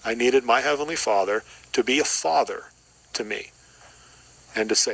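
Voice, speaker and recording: A middle-aged man with a bright, forward voice speaks as a podcast guest. He gives an earnest, reflective personal testimony and often repeats short phrases. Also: medium pitch, normal speed, vocal fry, no echo, poor audio.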